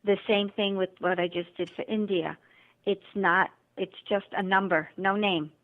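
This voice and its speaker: Her voice sits mid-range at a normal speed as this author and motivational speaker recounts her story during an interview. She animatedly acts out quoted dialogue, and the audio comes over a tinny phone line.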